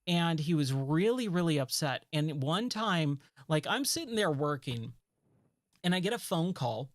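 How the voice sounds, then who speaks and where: A man's voice: fairly high pitch, a little slow, no room sound, clean studio sound. A man in his thirties chatting casually while gaming, rambling through a story with lots of fillers. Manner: rambling, relaxed, lots of "like" and "you know". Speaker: gaming streamer.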